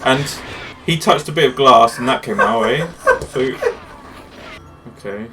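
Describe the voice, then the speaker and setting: A playful man narrates his own gameplay in casual chat, laughing a lot. His pitch jumps around with a lively swing, and loud game music plays under him. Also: a little slow. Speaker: co-host playing the game.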